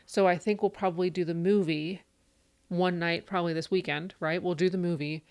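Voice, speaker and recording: A woman's voice: on the low side, a little fast, clean tone. Chatty woman co-hosting a book podcast. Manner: chatty, animated storytelling, acts out her kids' voices. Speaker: podcast co-host. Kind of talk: casual chat.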